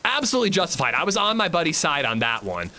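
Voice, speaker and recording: A male livestream host with a fairly high, bright voice that swings freely up and down as he talks. He tells profane, animated stories and chats with his viewers between moments of play. Faint noise sits under the voice. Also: fast talker. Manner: chats with viewers while playing. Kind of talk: casual livestream chat.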